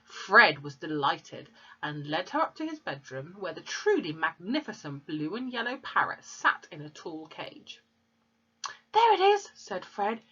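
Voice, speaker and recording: A woman reads a storybook to children, stopping to explain pictures and words. Her voice is lowish, bright and husky. The recording is dull and lo-fi. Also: big pitch swings, measured pace. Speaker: teacher reading aloud.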